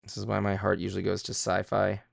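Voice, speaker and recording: A man with a deep, very gravelly voice chats casually as he draws on a stream. He rambles and puts himself down, thinking aloud with lots of fillers. The sound is dry and close. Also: monotone, fast talker, no room sound. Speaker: streamer drawing live. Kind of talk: casual streaming chat while drawing.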